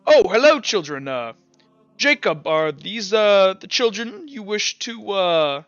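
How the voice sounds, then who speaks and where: A man's voice: high-pitched, sing-song, takes it slowly, a bit bright, smooth, no room sound, dull audio, pitched above the performer's own voice, heavily acted. A man voicing a pompous, stern older male priest in a tabletop game, haughty and scolding.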